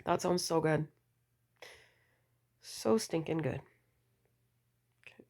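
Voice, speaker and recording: A woman vlogger chatting casually about nail polish, gushing and full of fillers, her voice deepened and a bit slurred from a cold. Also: takes it slowly, long pauses. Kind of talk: casual wishlist chat.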